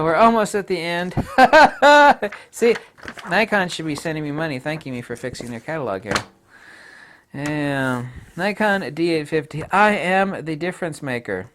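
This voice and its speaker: A man giving an off-the-cuff camera review, blunt and jokey, jumping from loud outbursts to low mutters. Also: lively intonation, normal speed.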